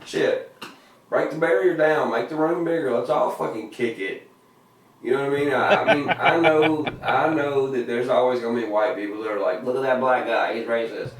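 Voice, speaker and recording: A man's voice: medium pitch, normal speed. A male musician in a casual interview, explaining his lyrics with laid-back, profane storytelling. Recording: very echoey room, distant mic.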